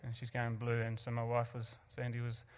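A man's voice: medium pitch, completely flat delivery, moderate pace, clear, resonant tone, long reverb tail. A man from New Zealand with a New Zealand accent, earnestly telling an audience his personal story with self-mocking asides and frequent restarts. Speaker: guest speaker.

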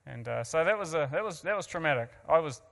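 New Zealand-accented man, fairly high voice, earnest speaker with self-deprecating humor, heard in a reverberant hall. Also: expressive, quick pace, gravelly, a bit bright. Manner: earnest, self-mocking asides, frequent restarts. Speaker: guest speaker. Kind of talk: personal testimony to an audience.

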